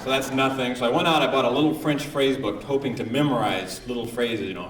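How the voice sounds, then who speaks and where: A man's voice: mid-range voice, a little fast, hardly any pauses. Goofy stand-up comic man, echoey hall. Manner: silly, mock-earnest, breaks into goofy accents. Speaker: stand-up comedian. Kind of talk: live stand-up comedy. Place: live comedy venue. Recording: echoey live hall recording with audience noise.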